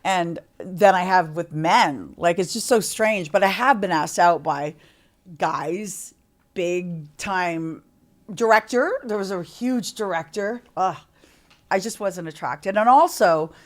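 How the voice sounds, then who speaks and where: A woman's voice: lowish voice, slow. A middle-aged woman from Canada, a podcast guest telling candid stories in a chatty way and swearing freely. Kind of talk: candid interview storytelling.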